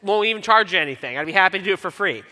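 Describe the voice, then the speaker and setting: A man preaching a sermon as pastor, conversational and self-deprecating, reading scripture slowly. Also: sits high, expressive, pushed and bright. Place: church auditorium. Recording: long church hall reverb.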